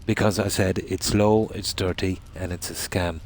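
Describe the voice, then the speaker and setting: A man's voice: low-pitched, steady tone, moderate pace, a little mellow. A man streaming a game, chatting casually and telling long rambling stories. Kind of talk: casual chat while gaming.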